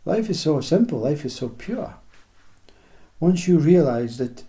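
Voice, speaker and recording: A man giving a reflective spiritual talk in slow, list-like phrases, often acting out small imagined dialogues. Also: fairly high pitch, very animated, warm tone. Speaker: spiritual teacher.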